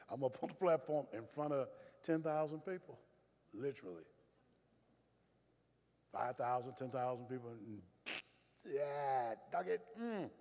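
Southern male pastor, folksy preacher, lively pitch, recorded in a reverberant church hall. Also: moderate pace, long pauses. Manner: folksy storytelling, swings from loud and firm to low and confiding. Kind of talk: sermon. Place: church sanctuary.

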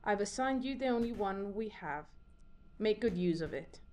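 A woman's voice: mid-range voice, expressive, moderate pace, crowd noise, close to an everyday voice. A woman voicing a female professor and chief of operations who briefs a soldier in a video game, in a formal, stilted way. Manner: formal, stilted, slightly unnatural phrasing.

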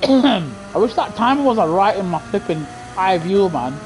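A man's voice: high-pitched, big pitch swings, unhurried, faint music behind. A man streaming live racing gameplay on a headset from his home setup, chatting casually and saying "man" a lot while fighting a dry throat and coughing fits. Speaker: gaming streamer. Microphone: gaming headset. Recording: faint game noise behind.

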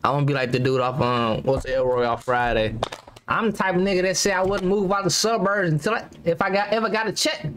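A man's voice: fairly high pitch, a little fast, fairly bright tone, a little hiss or hum. A young man giving rambling, slangy reaction commentary as a YouTuber, laughing nervously between remarks.

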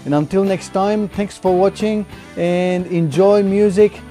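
A man hosting a casual home-studio software tutorial, talking in a halting way and pausing to search for words. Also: high voice, steady tone, soft background music.

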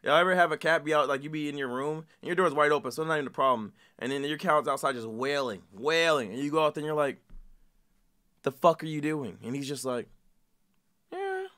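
A man's voice: on the high side, fast talker, hardly any pauses, bright, forceful tone. A man hosting a reaction video, talking in a casual, profane and rambling way full of slang.

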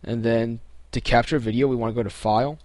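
This young tutorial host talks fast in a medium-pitched voice, with no room sound, as he casually explains a computer task step by step. It's a relaxed screen recording, heavy on ums and restarts.

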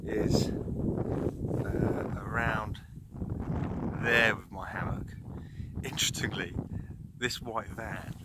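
A man's voice: lowish voice, fairly even intonation, extremely slow, pauses often, heavy background noise. A man chatting casually to a handheld camera while camping outdoors on a cold moor, telling a story with plenty of fillers. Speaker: motorcycle camping vlogger. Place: outdoors at a moorland campsite in winter.

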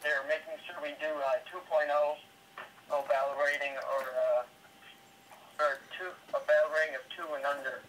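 Distracted man gaming, fairly high voice. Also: flat delivery, normal speed, fairly bright tone, a little hiss or hum, rough recording. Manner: distracted, thinks aloud with fillers. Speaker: gamer. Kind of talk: casual chat while gaming.

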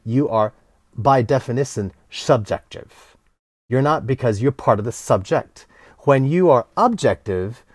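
Animated man with a lively voice. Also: mid-range voice, no room sound, clean studio sound. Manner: animated, acts out students in quick quoted voices. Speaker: cello teacher, interview guest. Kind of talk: casual interview talk.

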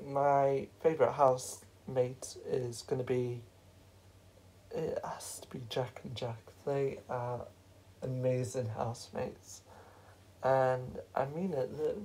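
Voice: medium pitch, slow, warm tone, poor audio. Someone voicing a shy evicted housemate. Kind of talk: fan-made reality show role-play.

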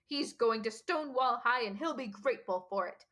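A woman voicing a blustering, bullying middle-aged uncle who hisses and yells his lines. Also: a little high, animated, moderate pace. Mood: hissing. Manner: hissing and yelling.

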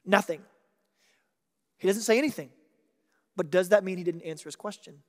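A man preaching a sermon as pastor, swinging between hushed asides and loud, emphatic declarations. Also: high voice, normal speed, long reverb tail. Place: large church hall.

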